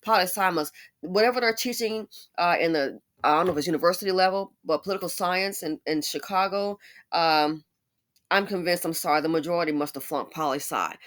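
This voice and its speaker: Low-voiced woman doing a chatty commentary rant, animated asides. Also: brisk. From United States. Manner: conversational, animated asides and laughs. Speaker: commentary YouTuber. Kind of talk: casual commentary monologue.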